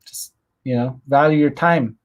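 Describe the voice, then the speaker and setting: Guy talking on his own stream, lots of ums and false starts, just rambling on. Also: medium pitch. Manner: rambling, halting, many fillers and restarts. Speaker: host. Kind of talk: casual solo livestream commentary.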